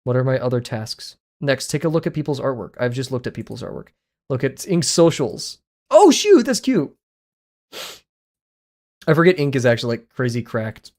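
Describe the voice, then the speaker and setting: A man talks loosely to his stream chat as he paints, rambling and quick to poke fun at himself. His voice carries a gravelly fry. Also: mid-range voice, darkish tone. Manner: chatty, rambling, self-deprecating. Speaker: livestreaming artist. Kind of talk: casual livestream chat while drawing.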